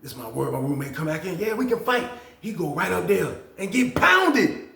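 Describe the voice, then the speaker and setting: A man casually telling a story on his channel, slangy and animated, acting out what others said with big jumps in his voice. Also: normal speed, vocal fry, echoey room. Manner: animated, slangy, acts out others' lines with big pitch swings.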